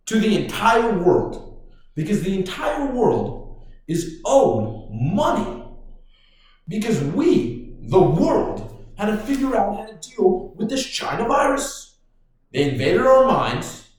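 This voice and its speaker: Fired-up swearing guy, voice jumps all over the place, super echoey room. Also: high-pitched. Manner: profane, excitable, animated. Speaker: podcast host. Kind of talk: casual rant.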